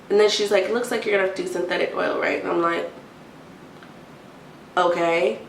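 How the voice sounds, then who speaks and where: A young adult woman telling an exasperated storytime rant, animated and mimicking a timid whisper now and then. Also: medium pitch, normal speed, gravelly, pauses often. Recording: roomy, distant, faint hiss.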